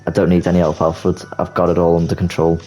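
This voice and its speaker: A man voicing a gruff, stubborn caped vigilante who speaks bluntly. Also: deep voice, completely flat delivery, fast, warm tone, soft background music, close to an everyday voice, rough recording.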